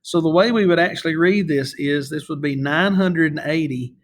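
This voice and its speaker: A man's voice: fairly high pitch, normal speed. A man teaching a recorded math lesson, patient and repeating himself, often checking in with "okay?" as he writes on the screen.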